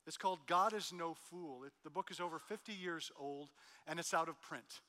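Bright-voiced pastor preaching in a reverberant hall. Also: male voice, fairly high pitch, normal speed. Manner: storytelling, with soft quiet lines and loud emphatic peaks. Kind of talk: sermon.

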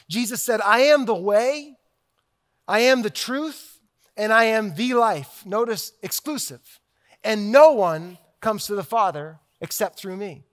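A man delivering a sermon in a high voice. He talks with emphatic force and builds his points through repeated, stacked phrases. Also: fairly bright tone. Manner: emphatic, with repetitive rhetorical build-ups. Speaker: preacher.

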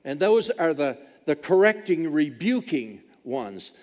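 A man's voice: fairly high pitch, sing-song, unhurried, darkish tone. A man, preaching a sermon as a pastor with emphatic, repeated phrases. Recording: long reverb of a large hall.

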